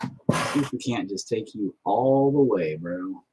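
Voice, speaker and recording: A man's voice: lowish voice, lively intonation, slow, noisy background. A young man chatting casually while he paints, self-deprecating and swearing constantly as he talks to his painting. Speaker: painting video host.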